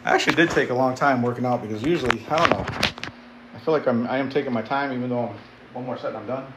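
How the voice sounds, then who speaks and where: A man's voice: mid-range voice, fast talker. Give me a laid-back man talking to viewers during a home workout, faint noise behind. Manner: laid-back, chatty, talks to viewers directly. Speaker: vlogger. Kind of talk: casual chat between workout sets. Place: home weight-training setup.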